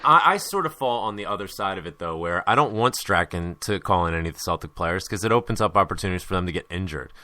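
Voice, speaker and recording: A man's voice: sits low, expressive, fast talker, few pauses, sharp tone, dry recording. A young American man hosting a casual sports chat, hungover and rambling with lots of fillers and restarts. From United States. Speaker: podcast host.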